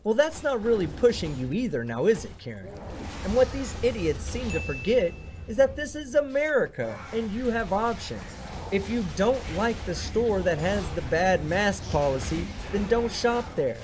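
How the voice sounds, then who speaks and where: A man's voice: high voice, sing-song, normal speed, music in the background. A man hosting a reaction video, delivering sarcastic commentary full of blunt, profane insults. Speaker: video host reacting to clips.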